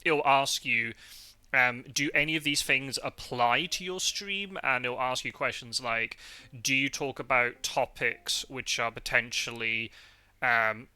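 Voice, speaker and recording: A man's voice: medium pitch, a little slow, pushed and bright, smooth, no echo. A man with a Scottish accent hosting a casual chat, rambling with lots of fillers and self-corrections. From Scotland. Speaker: podcast host.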